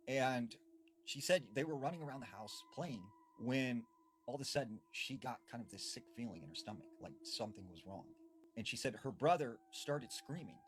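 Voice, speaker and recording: A man casually telling a creepy story, with hushed dips for suspense. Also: medium pitch.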